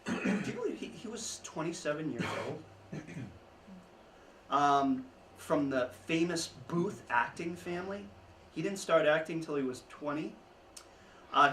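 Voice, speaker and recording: A man giving an informal history talk to an audience, telling the story with chuckling asides and lively emphasis. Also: fairly high pitch. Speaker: history speaker. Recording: echoey room, mic at a distance, faint background noise.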